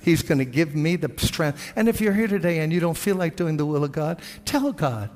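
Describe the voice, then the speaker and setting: A man's voice: on the high side, animated, moderate pace, hardly any pauses, a little mellow, in a large hall. An older man, a pastor, preaching a sermon with earnest storytelling, quoting prayers and conversations.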